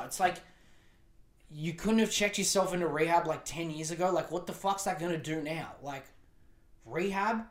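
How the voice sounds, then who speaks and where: A man's voice: fairly high pitch, animated, moderate pace. A man hosting a podcast. He rants with heavy swearing and sarcasm. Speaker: podcast host. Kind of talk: profane ranting commentary.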